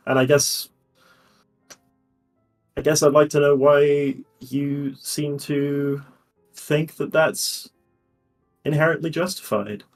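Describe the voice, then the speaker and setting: A man playing a tabletop game, speaking in character in a measured, hesitant way. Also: fairly high pitch, fairly even intonation, distant mic, faint music behind. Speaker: player. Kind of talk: in-character tabletop role-play.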